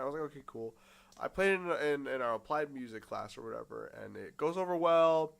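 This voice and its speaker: A man's voice: fairly high pitch, lively intonation, quick pace, vocal fry. A young man chatting casually, telling a rambling story with swearing and quoted voices. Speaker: podcast guest.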